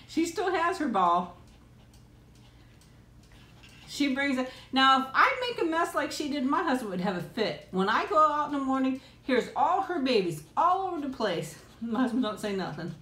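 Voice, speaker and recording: A woman's voice: high voice, big pitch swings, moderate pace, fairly bright tone, reverberant. A middle-aged woman hosting a casual live chat from home on a tablet, laughing often and cooing at her pet. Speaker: live stream host.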